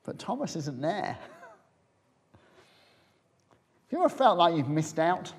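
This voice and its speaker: Man, preacher, sermon, slow measured delivery, fairly high voice, vivid storytelling, hushed to loud, long hall reverb. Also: big pitch swings, breathy edge. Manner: storytelling, imagining scenes aloud, swinging from loud to hushed.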